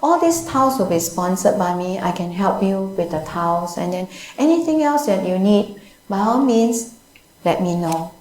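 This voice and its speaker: A woman's voice: mid-range voice, lively intonation, normal speed, a little mellow, roomy sound, slight background noise, natural voice, low-quality recording. A woman voicing a rich male householder in a story within her Buddhist talk, speaking eagerly. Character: rich male householder, startled then generous.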